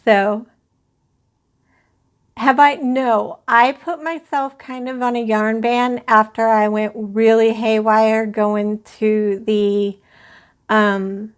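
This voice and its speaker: A woman's voice: a little high, steady tone, slow pace, smooth. A woman hosting a crochet live stream, chatting casually and rambling as she talks to viewers in the chat. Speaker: crochet channel host.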